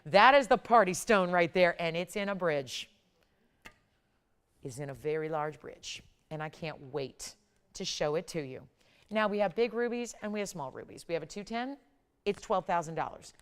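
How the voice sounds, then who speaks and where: A woman's voice: fairly low pitch, lively intonation, moderate pace, clear, resonant tone. A woman hosting a live jewelry shopping broadcast, with upbeat, pushy sales patter. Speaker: shopping channel jewelry host.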